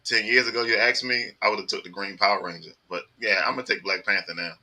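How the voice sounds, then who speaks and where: A man's voice: lowish voice, fairly even intonation, fast talker, pushed and bright. A man co-hosting a podcast in casual chat, bossy and profane, laughing often. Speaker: podcast co-host.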